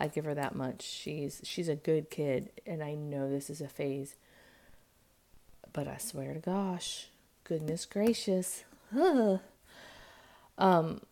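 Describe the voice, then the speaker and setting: Talking to her camera indoors at home, a mother and vlogger in her thirties from the US tells a rambling family story in casual chat. She voices what others said with leaps in pitch and loudness, and the sound comes from the camera mic.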